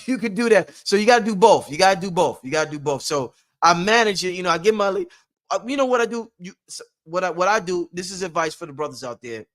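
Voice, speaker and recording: Rambling, preachy man with a slightly high voice. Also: animated, quick pace, a bit bright. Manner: rambling, preachy, repeats his points. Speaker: livestream host. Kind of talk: casual motivational livestream talk.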